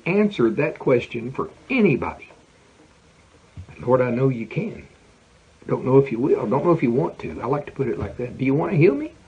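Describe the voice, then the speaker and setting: Husky, animated folksy preacher man. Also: a little high, muffled recording. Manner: animated, folksy preaching with laughs and emphatic repetition. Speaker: pastor. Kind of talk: sermon. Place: prayer center.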